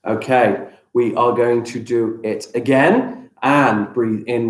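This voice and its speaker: A man teaching children breathing exercises during a live stream, giving slow, gentle, step-by-step instructions. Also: medium pitch, fairly even intonation. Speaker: primary school teacher. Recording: echoey room.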